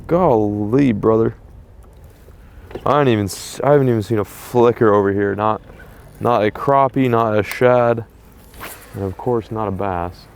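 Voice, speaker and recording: A man vlogging while fishing from a boat on a lake, giving casual, excitable running commentary and chatting to the fish and trees he snags. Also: lowish voice, gravelly, a little hiss or hum.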